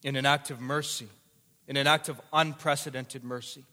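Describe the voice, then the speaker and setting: Preacher with a booming hall echo. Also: male voice, fairly even intonation, normal speed. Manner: dramatic storytelling, swinging from hushed to shouted. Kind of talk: sermon. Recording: long reverb of a large hall.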